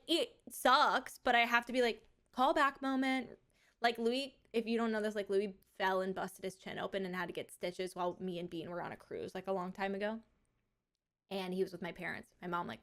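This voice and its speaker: A young woman streamer telling stories in casual chat, with lively quoted asides. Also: medium pitch, creaky. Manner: chatty storytelling, animated quoted asides.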